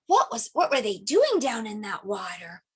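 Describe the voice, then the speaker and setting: A middle-aged woman preschool teacher reading a picture book aloud to young children, animated and playing sound effects. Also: mid-range voice, normal speed, breathy edge.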